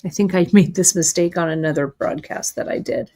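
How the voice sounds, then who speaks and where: A middle-aged woman with a fairly low, dark voice demonstrates beadwork live at a brisk pace. The beading instructor is chatty and self-deprecating, talking through her own mistakes as she works.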